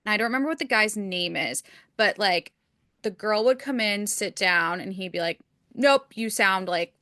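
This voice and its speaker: A woman's voice: mid-range voice, animated, normal speed, pushed and bright, dry recording, studio quality. A woman co-hosting a podcast in casual chat, rambling with lots of "like" and hedges. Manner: chatty, hedging with frequent "like". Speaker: podcast co-host.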